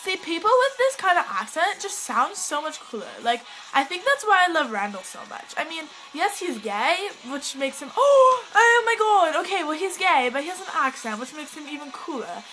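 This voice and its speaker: A teenage girl rambles through a casual vlog in a put-on British accent and keeps losing her thread. Her voice sits high, bright and sharp, and swoops widely as she talks. Pop music plays faintly behind her. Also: very animated, moderate pace, hardly any pauses, rough recording. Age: teens. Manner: rambling, giggly, easily sidetracked. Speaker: vlogger.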